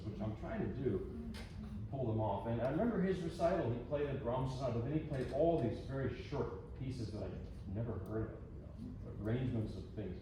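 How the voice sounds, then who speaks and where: A man's voice: mid-range voice, lively intonation, brisk. Chatty man in an echoing concert hall. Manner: chatty and self-deprecating, with frequent restarts. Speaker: pianist giving a recital. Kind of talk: talking to a recital audience between pieces. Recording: echoey hall from far off, ambient noise.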